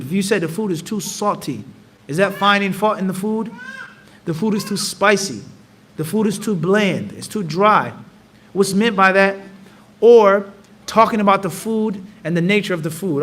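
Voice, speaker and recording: A man teaching a religious lesson, animated and acting out little dialogues. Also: sits high. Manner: animated, acts out dialogues, recites Arabic rapidly. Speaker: Islamic teacher. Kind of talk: religious lesson with acted examples.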